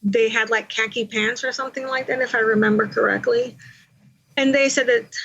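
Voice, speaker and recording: A woman's voice: a little high, steady tone, brisk, gravelly, fairly bright tone, breathy edge, lo-fi sound. A woman from Panama candidly telling her own story in an interview, in a conversational way. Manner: candid, conversational, with many you-knows.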